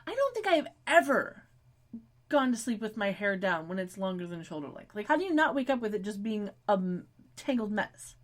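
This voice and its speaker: Woman co-host, casual recap chat, rambly, filler-heavy, softer on anecdotes. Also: mid-range voice, very animated, fairly quick. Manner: rambling, frequent "like" fillers, drops quiet for stories. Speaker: podcast co-host.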